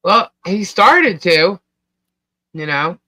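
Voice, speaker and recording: A man with a New York accent co-hosting a casual livestream, reading chat comments out loud in a scattered, distracted way. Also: high-pitched, very animated, drawn-out words, dry recording. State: hiccups. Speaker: livestream co-host. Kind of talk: casual live-stream chat.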